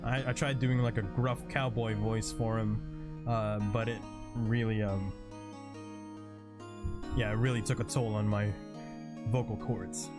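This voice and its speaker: A man's voice: lowish voice, steady tone, unhurried, long pauses. Male streamer, casual commentary, rambling, self-deprecating, music behind.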